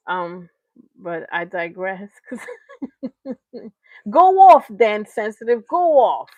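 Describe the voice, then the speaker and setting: A woman's voice: medium pitch, darkish tone, dry recording, dull audio. A woman hosting a livestream reaction show, ranting in heated, slangy, emphatic commentary.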